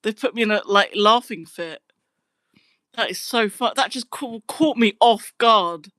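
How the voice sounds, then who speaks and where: A woman's voice: on the high side, a little slow, fairly bright tone, no echo. Chatty woman streaming live. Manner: chatty, giggly, breaks into laughing fits. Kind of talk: casual live-stream chat.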